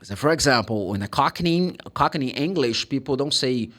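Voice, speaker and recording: A man with a Brazilian Portuguese accent teaching English pronunciation, explaining and demonstrating sounds in an animated way. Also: mid-range voice, brisk, few pauses. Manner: animated, demonstrates sounds and acts out students' questions. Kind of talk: pronunciation lesson.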